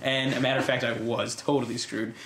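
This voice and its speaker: A man's voice: medium pitch, level tone, a little fast, a bit bright, echoey room, slight background noise. A young American man telling a rambling, self-mocking story in casual chat, laughing often. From United States.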